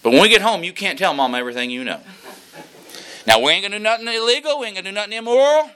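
A man voicing an old rural deacon from the American South, gruff and wry, with a folksy drawl and clipped warnings. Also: high voice, lively intonation, very fast, bright, forceful tone, pitched above the performer's own voice.

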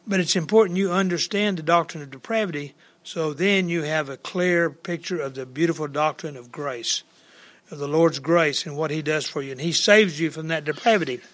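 Male preacher, high and bright-toned, folksy conversational sermon delivery. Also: moderate pace. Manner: plainspoken, conversational, paraphrases scripture in everyday words. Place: church service with congregation.

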